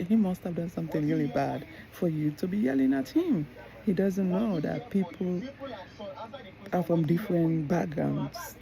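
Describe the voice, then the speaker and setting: A woman with a gravelly, creaky voice talks to camera as a mother telling her own stories. She rambles, restarts and drifts into asides. Loud crowd chatter runs behind her. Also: fairly low pitch, measured pace, long pauses, rough recording. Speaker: mother and vlogger. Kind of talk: casual monologue to camera.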